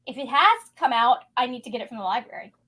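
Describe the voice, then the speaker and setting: A woman co-hosting a casual livestream, animated and laughing as she tells stories about books. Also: on the high side, fast. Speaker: co-host.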